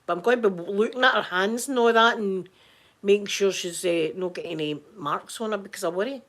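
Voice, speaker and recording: Hoarse, halting Scottish woman. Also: medium pitch, a bit bright. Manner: halting, repeats words and restarts often. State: hoarse from crying. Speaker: vlogger talking to viewers. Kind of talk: casual chat.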